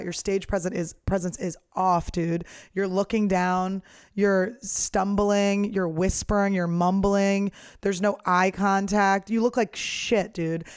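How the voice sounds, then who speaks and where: A woman's voice: mid-range voice, no echo, studio quality. A woman comedian talking in a casual monologue, blunt and profane as she rants. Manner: blunt, profane, lively ranting. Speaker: professional comedian, podcast host.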